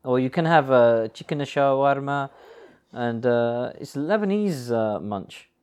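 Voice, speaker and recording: A man's voice: medium pitch, lively intonation, a little slow, darkish tone, smooth. Brief: male podcast host riffing loosely over a film, jokey and foul-mouthed. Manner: chatty, joking, swears freely. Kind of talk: casual film commentary chat.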